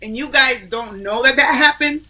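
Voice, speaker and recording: A co-host talking in animated, slangy casual chat. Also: high-pitched, normal speed.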